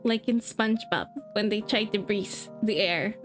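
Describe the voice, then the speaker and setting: A woman's voice: mid-range voice, moderate pace, faint music behind. A woman live-streaming to her viewers in casual chat, rambling and giggling, restarting her sentences as she fiddles with settings.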